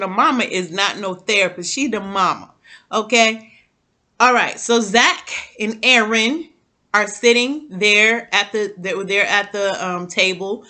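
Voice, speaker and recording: Woman, casual TV recap chat, AAVE speech, animated, bright tone. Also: mid-range voice. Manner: animated, talks straight to viewers, repeats words. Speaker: TV recap vlogger.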